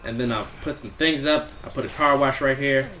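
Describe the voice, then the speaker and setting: A man's voice: mid-range voice, steady tone, a little fast, pushed and bright. A man commenting on his own game as he plays, taunting opponents, swearing and laughing. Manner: trash-talking, taunting, swearing; playful, laughing. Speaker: gamer. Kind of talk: casual gameplay commentary.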